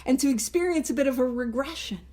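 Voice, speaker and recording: A woman's voice: high voice, fast, a little mellow. A woman hosting a recovery book study, teaching in a casual spoken way, earnest and emphatic, with small chuckles between phrases.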